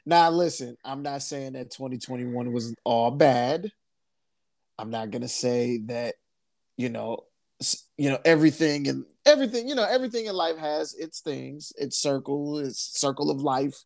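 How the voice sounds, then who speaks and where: A man's voice: mid-range voice, expressive, moderate pace, creaky, dry recording. A man hosting a casual podcast chat, laid-back, repeating his phrases and laughing easily. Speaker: podcast host.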